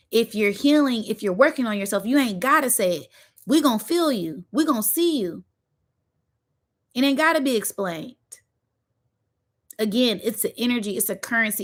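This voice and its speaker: A woman, hosting a spiritual motivational monologue in an emphatic, preachy way, repeating phrases and using slang. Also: mid-range voice. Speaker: spiritual channel host.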